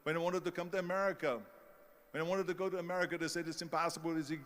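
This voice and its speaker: A man's voice: high voice, fairly even intonation, very fast, fairly bright tone. German-accented older man, big hall echo. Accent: Austrian German. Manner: storytelling, acts out quoted doubters. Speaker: motivational speaker. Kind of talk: motivational speech. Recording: long hall reverb.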